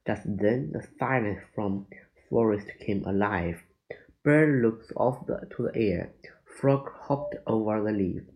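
A man slowly reading a children's chapter book aloud, deliberate and stumbling now and then, on a dull lo-fi recording. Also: on the low side. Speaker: narrator.

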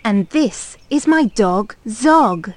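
A woman voicing a friendly male alien space pilot in a children's storybook, bright and exclaiming. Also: on the high side, expressive, slow. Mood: cheerful.

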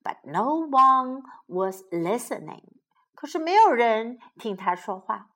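A woman teacher reading a children's storybook aloud in English and then retelling it, slow, clear and expressive. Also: a little high. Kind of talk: bilingual storybook read-aloud for kids.

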